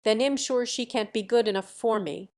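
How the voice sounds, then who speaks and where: A woman's voice: fairly high pitch, normal speed, a little mellow, lightly acted. A vain, wealthy banker from a fairy tale who thinks himself as grand as any general, voiced by a woman reading aloud. He speaks pompously and flares into anger. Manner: pompous, angry. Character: vain wealthy male banker, quick-tempered.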